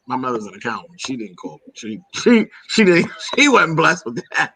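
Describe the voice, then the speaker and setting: A man's voice: medium pitch, big pitch swings, normal speed, hardly any pauses, bright, forceful tone. A man from Pennsylvania hosting a casual chat, talking easily and laughing, calling people honey and girl. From Pennsylvania, USA. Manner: chatty, laughing, calls listeners honey and girl. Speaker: host.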